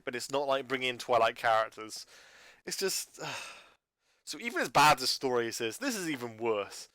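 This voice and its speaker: Bright-voiced man rambling with exasperation. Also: on the high side, dry recording. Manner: stumbling, restarting, exasperated ranting. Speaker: YouTuber reviewing a channel. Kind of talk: unscripted rambling monologue.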